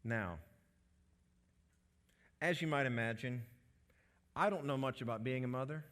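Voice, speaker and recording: A middle-aged man preaching with earnest conviction, his voice at an ordinary pitch for a man. He often jumps up in pitch and volume for emphasis, then sinks to soft, low endings. His delivery is warm with belief and built for a congregation. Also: unhurried, long pauses. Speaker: pastor. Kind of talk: sermon.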